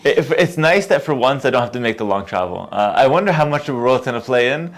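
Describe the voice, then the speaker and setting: A man talking through a post-match interview at a gaming event. His voice sits at an ordinary middle pitch, and he sounds relaxed and confident, with many fillers and restarts. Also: fast talker. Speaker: tournament player interviewed.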